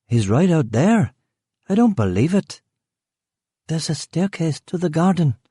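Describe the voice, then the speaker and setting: A terrified pregnant young woman, voiced by a male narrator in an audiobook. She speaks in halting, panicked phrases, pitched well above his usual voice. The recording is close and dry. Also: very animated, warm tone, husky, dry recording, full character voice. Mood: frightened.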